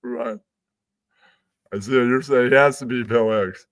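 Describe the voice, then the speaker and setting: A man's voice: mid-range voice, steady tone, a little slow. A man hosting a stream, rambling through a crude, self-amused comedic monologue. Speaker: stream host.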